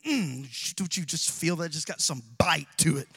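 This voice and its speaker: A man preaching with fiery intensity, his high, bright voice climbing into shouts and then dropping to hushed asides. He delivers a sermon from the pulpit of a church, with a sharp, ringing edge. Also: moderate pace, vocal fry, slightly rough. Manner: impassioned preaching, swings from shouts to quiet asides. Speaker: pastor. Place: church sanctuary.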